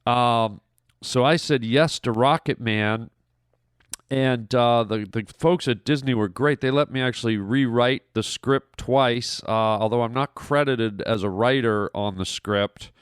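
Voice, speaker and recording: A male comedic actor rambles through animated stories, full of fillers and restarts. His voice is clear and resonant. The recording is close and dry, with no room sound. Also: medium pitch, measured pace, no room sound. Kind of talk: recorded message, casual storytelling. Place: recorded separately from the hosts.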